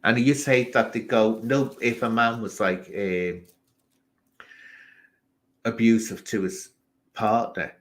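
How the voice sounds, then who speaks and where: A man's voice: lowish voice, fairly even intonation, slow pace, pauses often. A man from England hosting a casual live stream, ranting animatedly and talking straight to people in the chat.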